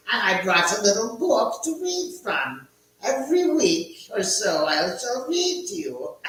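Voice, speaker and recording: A man's voice: sits high, bright, forceful tone, a little hiss or hum, pitched above the performer's own voice, exaggerated voice. A man voicing a ghoulish old male crypt keeper who cackles between theatrical lines. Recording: echoey room, distant mic.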